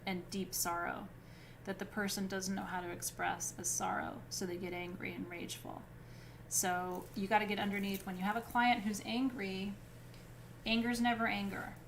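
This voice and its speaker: Teaching crystals and chakras in a live class, this woman has a medium-pitched, fairly bright voice. She's a spiritual teacher who chats informally, uses "um" as filler, keeps asking "right?", and laughs readily between points. A little hiss or hum is present.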